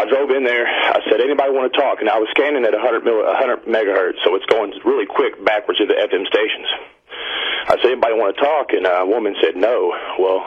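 A man from Indiana calling in to a radio talk show, telling a long story in a rambling, excited way. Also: on the low side, breathy edge. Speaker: caller. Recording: dull radio line.

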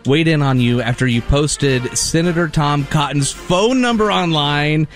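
A man's voice: a little high, a little slow, soft background music. Man hosting a comic radio call-in. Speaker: radio show host.

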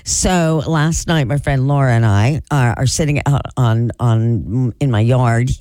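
A woman radio host telling a story in casual on-air chat, animated and laughing often. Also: a bass voice, a little slow, dry recording. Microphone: studio microphone.

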